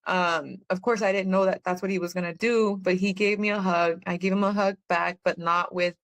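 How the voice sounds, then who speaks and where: A woman's voice: on the low side, steady tone, normal speed. A woman, a guest on a podcast, telling her own story in a rambling, earnest way with many fillers. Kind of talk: personal testimony in conversation.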